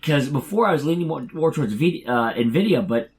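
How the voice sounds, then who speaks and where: A man's voice: fairly high pitch, expressive, darkish tone. A man co-hosting a casual gaming podcast, talking with many restarts. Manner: halting, many restarts and fillers. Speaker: podcast co-host. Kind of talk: casual chat.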